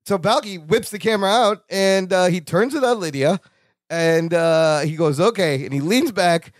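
A man co-hosting a podcast, chiming in with quick, animated reactions during a casual recap. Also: sits high, no room sound, studio quality. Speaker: podcast co-host.

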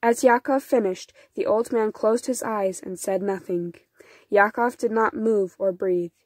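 A woman reading a folktale storybook aloud in an unhurried, soft storytelling manner. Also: medium pitch, no room sound. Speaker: storybook reader. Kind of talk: children's storybook narration.

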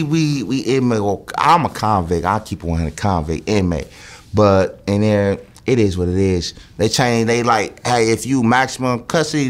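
A man from California, a podcast guest, telling a story in casual chat, acting out other people's lines and swearing freely. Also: fairly low pitch.

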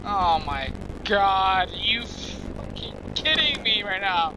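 Speaking in a sing-song, medium-pitched voice, a gameplay channel host chats through a let's-play, addressing his audience directly. He gets exasperated quickly and swears freely when he does. Background noise is noticeable.

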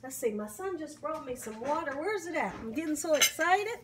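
A woman's voice: sits high, animated, brisk, very noisy. A middle-aged woman filming a casual food-tasting vlog, savoring each bite with hums, whoops and grateful exclamations. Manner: warm churchy exclamations and blessings. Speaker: cooking vlogger.

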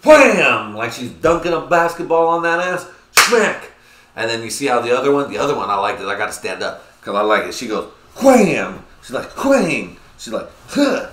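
A man hosting his own podcast, talking in a crude, rambling, excitable way with lots of filler. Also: mid-range voice, quick pace, hardly any pauses, slight background noise. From United States. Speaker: podcast host. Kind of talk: casual solo podcast rant. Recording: echoey room.

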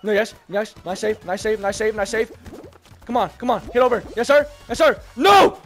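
A young man giving loud, excited commentary while playing a game with a friend, repeating phrases and shouting often. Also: high voice, brisk, faint music behind. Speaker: gaming channel host.

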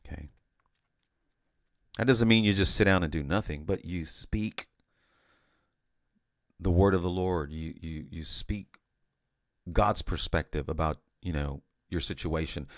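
Speaking in a deep voice, a man tells of a vision during an informal sermon, frequently restarting, repeating words and saying "you know." It's a studio-quality recording with no room sound.

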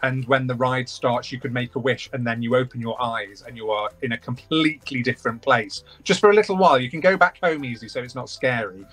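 Man, from england, guest, casual chat, easygoing, mid-pitched. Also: quick pace, few pauses, a bit bright. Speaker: guest author.

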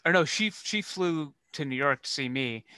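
A man's voice: fairly high pitch, animated, normal speed, bright, forceful tone, clear, resonant tone, no room sound. A man co-hosting a casual comedy chat about old videos, dry and wry in his delivery. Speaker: co-host.

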